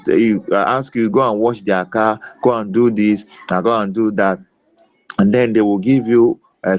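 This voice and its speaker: Emotional male speaker in an online room, fervent and repetitive, mid-pitched, dry recording. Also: a little mellow, no room sound. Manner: fervent, repetitive, with many restarts. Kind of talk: impassioned political speech.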